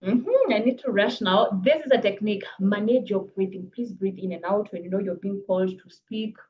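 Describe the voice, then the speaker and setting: Woman coach on a video call, quick and encouraging, kinda muffled lo-fi sound. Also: mid-range voice, a little hiss or hum. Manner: brisk, encouraging, reads chat comments aloud, laughs often. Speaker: public speaking coach. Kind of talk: live online workshop talk.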